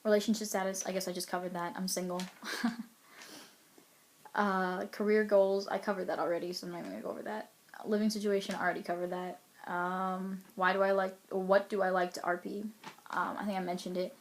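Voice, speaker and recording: A woman's voice: medium pitch, level tone, a little fast, slight background noise. A young woman chatting casually to camera, answering profile questions in a candid, rambling way with frequent ums and little laughs.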